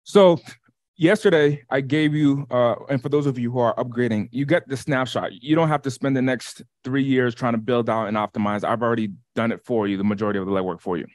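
A man co-hosting an online workshop, teaching in an energetic way, often restarting and repeating his words. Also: mid-range voice, brisk, no echo, clean studio sound. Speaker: workshop co-host. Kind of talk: webinar teaching. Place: lives in Las Vegas.

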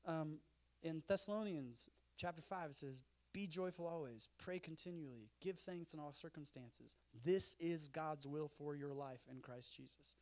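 A man's voice: a little high, normal speed. A man, giving a conference talk full of self-deprecating humorous stories. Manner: animated, self-deprecating storyteller. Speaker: speaker. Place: conference stage.

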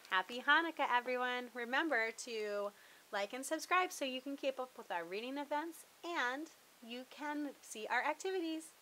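Bright-voiced woman reading a children's story. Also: high-pitched, normal speed, a little hiss or hum, poor audio. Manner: lively, expressive narration. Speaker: storybook reader. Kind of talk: children's storybook read-aloud.

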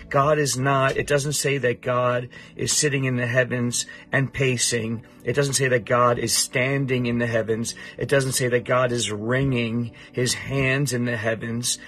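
A man's voice: medium pitch, steady tone, measured pace, few pauses, a bit bright. A middle-aged man teaching a Bible passage to a student, emphatic and repeating his points.

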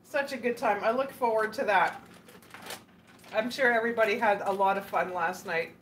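A woman's voice: medium pitch, moderate pace, slight background noise. A Canadian woman chatting casually with viewers while cooking, laughing often and greeting people by name. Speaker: cooking livestream host.

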